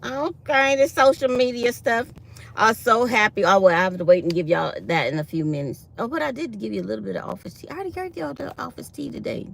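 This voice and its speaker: A woman's voice: a little high, sing-song, quick pace, creaky, slight background noise. A woman chatting casually to her viewers, animatedly retelling her day. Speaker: vlogger.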